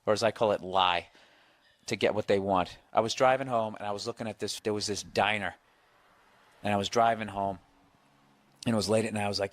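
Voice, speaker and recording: A man's voice: lowish voice, steady tone, fairly quick, long pauses, no room sound. A man hosting a podcast, chatting casually and trading teasing, boastful banter with his partner. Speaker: podcast host. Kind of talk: casual chat.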